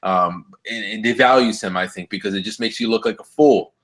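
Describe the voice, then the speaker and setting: A man's voice: lowish voice, brisk, a bit bright. A man co-hosting a casual podcast, ranting heatedly with lots of swearing. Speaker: podcast co-host. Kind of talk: casual wrestling chat.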